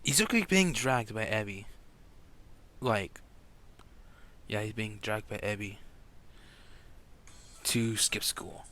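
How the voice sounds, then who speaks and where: A man's voice: fairly low pitch, big pitch swings, slow pace, long pauses, bright, forceful tone. A man telling an improvised fan story in a casual, rambling way, stumbling and correcting himself.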